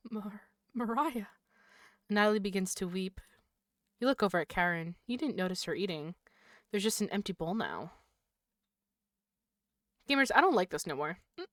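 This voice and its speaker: Animated woman streamer, loud startled outbursts. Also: medium pitch, dry recording, clean studio sound. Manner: reads narration quietly, then reacts with loud startled swearing. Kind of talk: live gameplay commentary, reading game text aloud.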